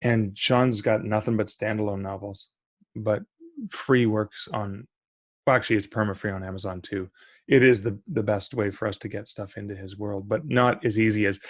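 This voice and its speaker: A man's voice: lowish voice, steady tone, moderate pace, dry recording. A middle-aged man, a guest on a podcast, talking casually and eagerly about publishing, often restarting his sentences. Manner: enthusiastic, restarts mid-sentence.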